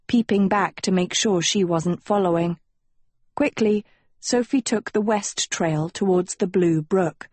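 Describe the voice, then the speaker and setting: A woman narrates a storybook in a slow, deliberate manner with a lower-pitched, breathy voice. The sound is dry and close, with no room around it. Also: no room sound. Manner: measured, expressive storytelling. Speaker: audiobook narrator. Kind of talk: scripted narration.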